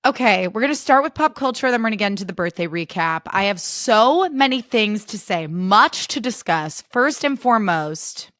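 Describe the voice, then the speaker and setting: Raspy-voiced woman podcast host. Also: medium pitch, expressive, moderate pace, few pauses, fairly bright tone, dry recording, studio quality. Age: 30s. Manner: gushing, chatty, swears casually. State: raspy after a birthday weekend. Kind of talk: casual podcast chat.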